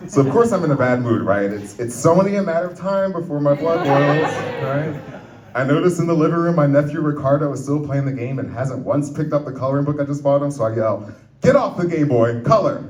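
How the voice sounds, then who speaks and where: A man performing a pun-filled stand-up routine on a comedy club stage, telling a story and putting on quick voices for his family. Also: fairly high pitch. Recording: roomy club recording from far off, loud crowd.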